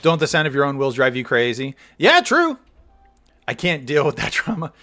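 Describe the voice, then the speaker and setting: A man chatting casually on a game stream, animated and profane, laughing and bursting into loud outbursts. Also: medium pitch, normal speed. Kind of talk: casual gaming stream chat.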